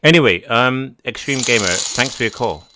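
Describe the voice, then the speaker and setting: A man's voice: medium pitch, lively intonation, moderate pace, noisy background. A man hosting a live podcast stream, chatting casually and reading viewer messages aloud, often restarting and correcting himself. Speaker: livestream podcast host.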